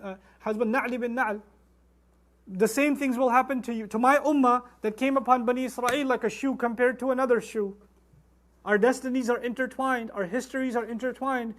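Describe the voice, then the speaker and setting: High-pitched, fast-talking male Quran teacher. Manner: animated, rising to emphatic outbursts and acted quotes; recites Arabic verses rapidly. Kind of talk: Quran lecture.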